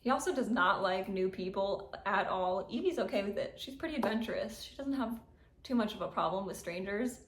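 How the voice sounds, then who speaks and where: A woman chatting casually to camera about her cat, gushing and giggling, with lots of "like". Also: mid-range voice. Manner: gushing, frequent likes and giggles. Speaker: cat owner vlogger. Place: at home indoors. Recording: roomy echoey room.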